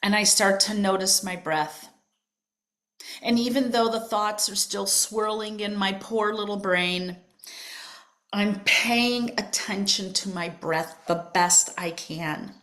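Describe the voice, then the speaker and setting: An older woman hosting a podcast, telling a personal spiritual story in a soft, emotional way that drifts into whispers. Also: mid-range voice, steady tone, slow. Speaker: podcast host.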